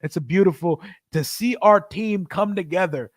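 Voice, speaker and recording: A man's voice: high voice, moderate pace, no room sound, studio quality. A man in his forties hosting a post-game fan livestream, hyped up and trash-talking brashly. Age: 40s. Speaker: livestream host.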